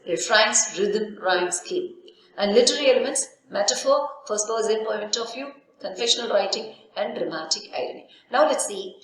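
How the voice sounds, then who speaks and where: A woman university lecturer giving a recorded literature lesson, asking herself questions and answering them, often saying "okay". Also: medium pitch. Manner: explains with frequent "okay" and rhetorical questions. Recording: very echoey room.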